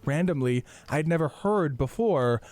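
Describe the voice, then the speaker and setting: A man's voice: fairly high pitch, expressive, unhurried, a little mellow, no room sound. A man hosting a podcast, talking with eager enthusiasm and rambling restarts in a casual chat. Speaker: podcast host.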